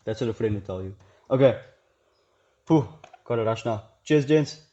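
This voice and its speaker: A young man talks straight to camera in a blunt, swearing, rambling monologue and keeps slipping into mocking imitations of the people he quotes. His voice sits at a middle pitch with a mellow, rounded tone. The recording is dull and lo-fi. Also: moderate pace. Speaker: self-help channel host.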